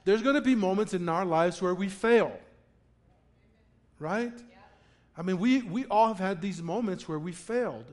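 Male pastor, high tenor, animated storyteller delivering a sermon to his church. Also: unhurried, long pauses. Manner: animated storyteller, acts out quotes with laughter. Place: church in front of a congregation.

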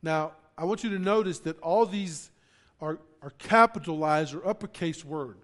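A pastor with a notably high voice delivers his sermon with emphasis. He climbs into loud declarations, then drops low to explain, repeating words as he goes. He often turns to the congregation with questions. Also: moderate pace. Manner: emphatic preaching, rising loud on key phrases, dropping low to explain.

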